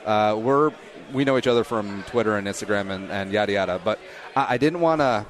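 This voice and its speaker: A middle-aged man hosting a podcast, chatting casually and cracking quick jokes. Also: fairly low pitch, some chatter behind. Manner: joking, quick asides. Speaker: podcast host. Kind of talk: casual chat.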